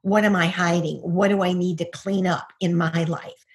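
A woman's voice: fairly low pitch, steady tone, moderate pace. A middle-aged woman, a guest, giving a personal testimony over a video call, earnest and full of rhetorical questions.

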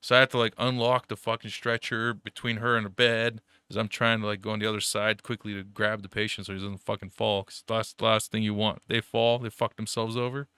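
Profane rambling young guy, bright clear voice. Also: on the low side, level tone, a little fast, hardly any pauses, dry recording. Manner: profane, rambling storyteller with frequent fillers. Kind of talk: casual chat.

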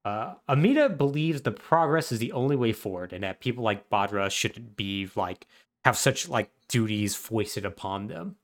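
Podcast guy retelling a game story, super lively up-and-down voice, lots of "like"s. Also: lowish voice, normal speed. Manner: animated, wry storytelling with many fillers. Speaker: podcast co-host. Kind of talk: casual chat recapping a video game plot.

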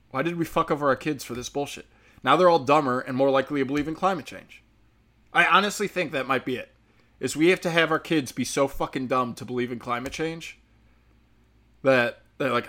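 A man's voice: medium pitch, pushed and bright. A man hosting a podcast, ranting in a casual, profane and sarcastic monologue that gets heated.

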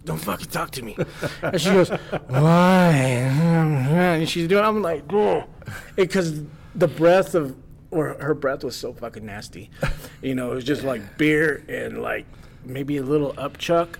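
A man with a slightly raised voice tells a crude party story in loose, casual chat. He swears freely and slips into quick impressions of the people in it, keeping the energy animated throughout. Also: a little high, creaky. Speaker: podcast guest.

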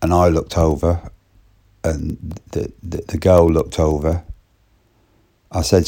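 Slow, deep-voiced man telling stories. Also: little pitch movement, vocal fry, dark tone, breathy edge. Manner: rambling, repetitive restarts. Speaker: storyteller. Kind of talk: casual storytelling monologue.

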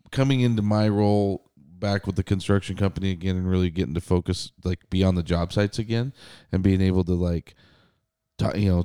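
A man's voice: deep voice, mellow, clean tone, no room sound, studio quality. A man in his thirties, a podcast co-host and contractor, telling a story in casual chat, quoting others and swearing freely.

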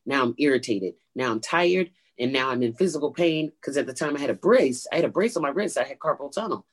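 A woman comedian being interviewed, telling a story in an animated way and acting out quoted voices with big pitch jumps. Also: quick pace. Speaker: stand-up comedian, guest.

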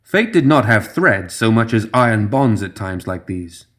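A man reading a dark fantasy story aloud in measured, even scripted narration. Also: fairly low pitch.

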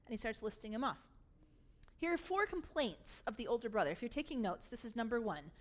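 A woman pastor preaching a sermon, telling the story in an animated way and acting out its scenes. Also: a little high, brisk.

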